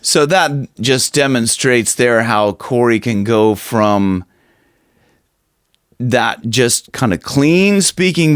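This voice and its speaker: A male vocal coach explains technique in an unhurried, rambling way, circling back on his own phrases. The sound is dry and close, with no room around it. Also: medium pitch, animated, no echo. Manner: rambling, restarts, demonstrates screamed lines and breathy talk. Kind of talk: casual vocal lesson with demonstrations.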